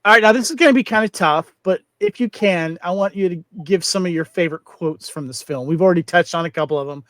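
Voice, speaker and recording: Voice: mid-range voice, quick pace, a bit bright, no room sound. A podcast host leading a casual movie chat, prompting the others and laughing often.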